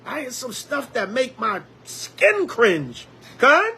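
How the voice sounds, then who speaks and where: A man preaching a Bible lesson as an elder, lively, with call-and-response and acted-out quotes. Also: very high-pitched, slow pace, slight background noise.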